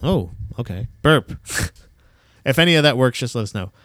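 A man's voice: medium pitch, lively intonation, moderate pace, a bit bright, no echo. A man co-hosting a podcast in casual chat, rambling with lots of restarts and swearing freely. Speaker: podcast co-host.

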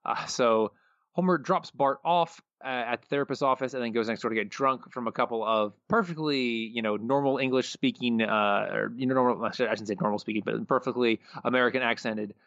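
A man's voice: medium pitch, fairly quick, a bit bright, no echo. A man co-hosting a podcast in casual chat, recapping steadily with frequent "uh"s, on a dull lo-fi mic. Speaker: podcast co-host.

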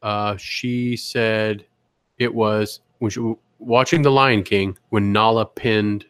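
A man's voice: on the low side, steady tone, slow, smooth, dry recording. A man co-hosting a podcast in rambling casual chat, full of fillers and asides. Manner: rambling, lots of fillers, does voices. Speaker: podcast co-host.

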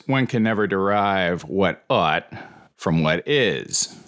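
A man's voice: sits low, fairly bright tone. A man hosting a history podcast, reading a scripted narration with dry, wry humor. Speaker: podcast host.

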